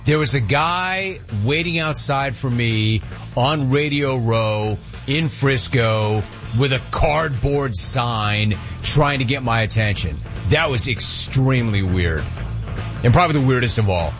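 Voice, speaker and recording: A middle-aged man hosting a sports radio show, answering listener questions in a casual, animated way and acting out dialogue. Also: mid-range voice, measured pace, muffled recording, over music. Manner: animated storyteller, acts out dialogue.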